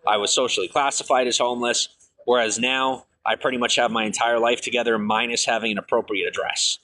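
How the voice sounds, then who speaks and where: A man's voice: medium pitch, steady tone, a little fast, pushed and bright, poor audio. A man streaming to viewers, telling long rambling personal stories full of fillers and restarts.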